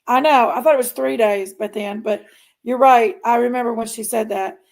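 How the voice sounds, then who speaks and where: On a relaxed true crime talk stream, a woman hosting the channel speaks straight to her audience, frequently trailing off and saying things twice. Her voice sits on the high side, at a moderate pace.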